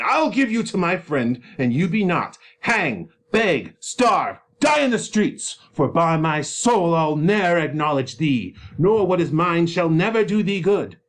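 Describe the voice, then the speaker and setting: Bullying old patriarch in a fury, a man reads him, barked clipped threats, animated pitch. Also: measured pace. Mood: furious. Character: furious domineering older male lord, father. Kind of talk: dramatic reading of a play.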